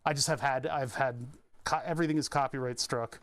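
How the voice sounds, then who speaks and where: A man's voice: medium pitch, fairly even intonation, brisk, a bit bright. A man chatting casually on his stream, rambling and restarting sentences with little chuckles. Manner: rambling, self-interrupting, chuckling.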